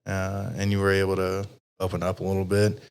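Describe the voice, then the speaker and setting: A man talking in a low, even, unvaried voice. He hosts a casual interview chat, rambling through his thoughts with fillers and frequent swearing. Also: brisk, clean tone. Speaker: podcast host.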